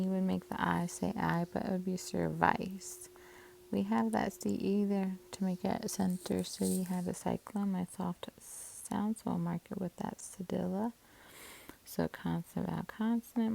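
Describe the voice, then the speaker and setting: A woman's voice: medium pitch, vocal fry, warm tone, low-quality recording. A woman teaching a spelling lesson, patiently sounding out syllables and coding words, sometimes dropping to a whisper.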